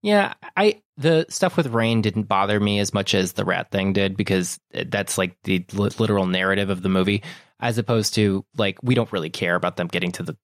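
A man co-hosting a casual film-discussion podcast, talking in an animated, joking way. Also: on the low side, fairly quick, no room sound, clean studio sound. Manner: animated, joking, mimics characters. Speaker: podcast co-host.

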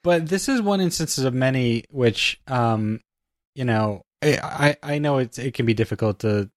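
A man's voice: mid-range voice, moderate pace, no room sound, clean studio sound. A man co-hosting a casual film podcast, speaking thoughtfully and hesitantly as he critiques scenes. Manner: hesitant, many fillers and restarts, thoughtful. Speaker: podcast co-host.

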